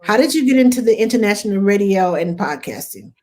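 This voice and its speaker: A woman's voice: medium pitch, quick pace. Southern-accented woman podcast host. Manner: animated storytelling with acted quotes; folksy, self-deprecating. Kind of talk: casual conversational interview.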